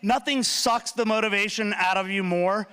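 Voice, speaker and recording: A man performing a stand-up comedy routine, animated and punchy, talking straight to the audience with quick asides. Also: high voice, clean tone. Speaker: student speaker. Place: large hall.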